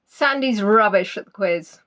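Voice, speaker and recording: A woman hosts a live online quiz, chatting with players and teasing them as she reads their names and answers with big pitch swings. Her voice is expressive and a bit bright, at a measured pace.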